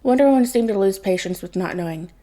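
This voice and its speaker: A woman reading a fan fiction story aloud as narrator, calm and unhurried. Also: medium pitch. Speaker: podfic reader.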